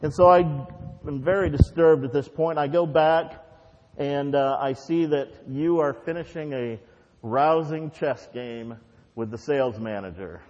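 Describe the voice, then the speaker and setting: A man's voice: fairly high pitch, unhurried, a little mellow, slight background noise. A male pastor leading a fervent, repetitive prayer and then preaching a sermon in a conversational storytelling way, recorded in a church sanctuary. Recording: dull, reverberant church recording.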